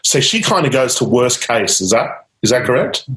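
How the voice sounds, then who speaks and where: A man guides a client through a live coaching exercise, steering each step with repeated prompts and a quick laugh now and then. His voice sits in the middle range. The sound carries a roomy echo. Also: mid-range voice, big pitch swings, fairly bright tone. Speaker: change-technique coach.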